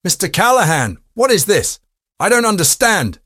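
Audiobook: a trembling, pleading suspect's wife, high and anxious, read by a man. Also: very animated, moderate pace, dry recording, studio quality. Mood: alarmed. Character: frightened scheming woman, a suspect's wife. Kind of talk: audiobook reading.

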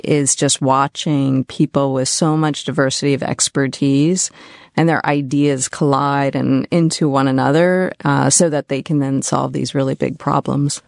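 Measured woman executive, slightly gravelly. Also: very deep voice, darkish tone, no echo, clean studio sound. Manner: measured, corporate, with fillers. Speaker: biotech company executive. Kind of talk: interview answers.

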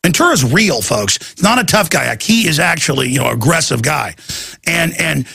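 A man hosting a talk show rambles through a story, acting out the voices of everyone he quotes. His voice is gravelly, raspy and sharp-edged, and it sounds close and dry. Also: fairly high pitch, big pitch swings, moderate pace, no echo. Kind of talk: rambling talk-radio rant.

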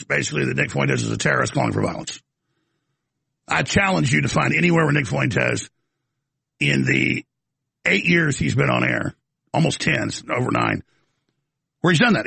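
Man, gravelly raspy voice, bright forceful tone, indignant commentary host. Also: a little high, no room sound. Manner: fiery, emphatic, indignant. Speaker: show host. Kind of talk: impassioned commentary.

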